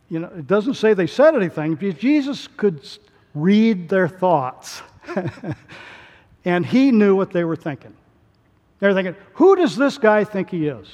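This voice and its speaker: A male pastor delivering a sermon in an animated way, his voice rising to emphatic peaks. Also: high voice. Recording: long hall reverb.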